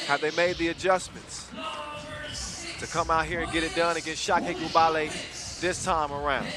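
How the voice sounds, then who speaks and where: A man's voice: a little high, fairly even intonation, normal speed. A male sports commentator recapping a dunk contest and previewing the final in a hyped, playful way with casual slang. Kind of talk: event commentary. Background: music.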